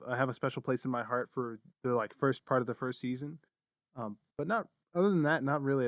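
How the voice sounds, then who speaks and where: A man's voice: mid-range voice, no echo. Dry, teasing young man. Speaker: podcast co-host. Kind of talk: casual chat.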